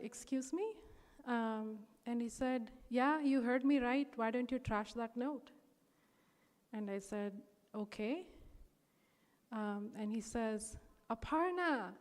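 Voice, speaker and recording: A young woman telling a personal testimony at a devotional gathering, earnest and emotional, with many fillers. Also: on the high side. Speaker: speaker sharing a personal testimony. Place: large hall. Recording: hall reverb.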